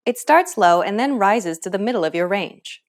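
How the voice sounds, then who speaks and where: Woman reading a language lesson script, clear and teacherly, voice moves up and down a lot. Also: mid-range voice, expressive, normal speed. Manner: clear, instructive. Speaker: pronunciation teacher.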